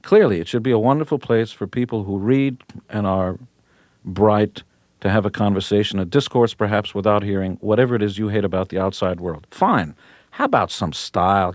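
A man's voice: on the low side, no echo. A man in his fifties, a rock musician guest on a radio interview, talking in a brash, boastful and punchy way from a studio.

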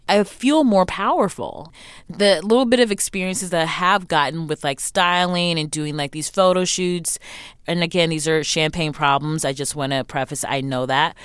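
A young adult woman talking candidly as an interview guest, emphatic and animated, acting out what other people said to her. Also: sits low, moderate pace, smooth, no room sound, studio quality. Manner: animated, emphatic, acts out quoted remarks.

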